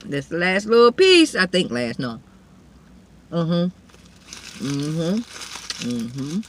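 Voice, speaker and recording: A woman's voice: low-pitched, very animated, extremely slow, background noise. A woman hosting a casual eating show, chatting with her viewers between mouthfuls and calling them y'all. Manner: eats and chews between remarks. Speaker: mukbang vlogger.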